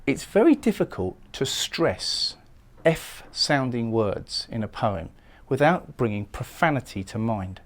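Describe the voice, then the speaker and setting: A man lecturing on a poem, explaining it thoughtfully and sometimes pausing to restart a phrase. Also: mid-range voice, sing-song. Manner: reads verse lines slowly and solemnly. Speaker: poetry lecturer. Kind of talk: recorded lecture analysing a poem.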